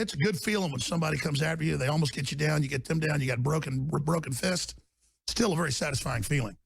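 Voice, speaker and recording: A man delivering an angry ranting monologue as a political commentator, swinging between low growled lines and fiery bellowed shouts. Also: creaky, no echo.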